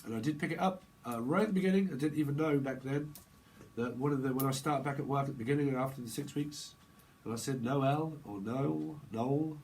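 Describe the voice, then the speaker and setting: A man's voice: mid-range voice, fairly quick, a little mellow, slight background noise, rough recording. A man giving a casual, rambling tarot reading, laughing often and using slang. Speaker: tarot reader.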